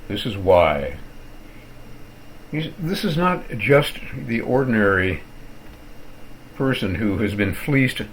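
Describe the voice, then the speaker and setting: An older man rambling through a wry, theatrical rant about his internet service while clicking around his computer at home, sounding worn out and low on energy. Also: sing-song, slow, long pauses, slight background noise, rough recording. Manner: digressive, wry, with theatrical asides. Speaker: vlogger ranting about his internet provider. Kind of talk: rambling screen-recorded rant.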